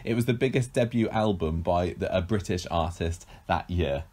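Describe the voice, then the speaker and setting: A man's voice: low voice, moderate pace, darkish tone. A man co-hosting a podcast in casual chat, talkative and self-deprecating, often laughing. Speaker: podcast co-host.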